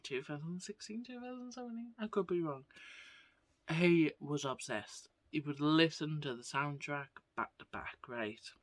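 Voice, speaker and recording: A woman's voice: deep voice, no echo. A woman vlogger chatting casually to camera, gushing and often tagging her sentences with "right?". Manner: gushing, keeps asking "right?".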